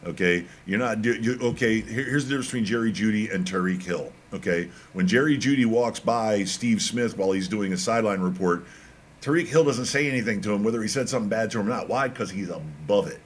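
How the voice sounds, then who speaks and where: Emphatic, animated man on sports radio. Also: lowish voice, fast talker, a little hiss or hum. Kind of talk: casual sports talk.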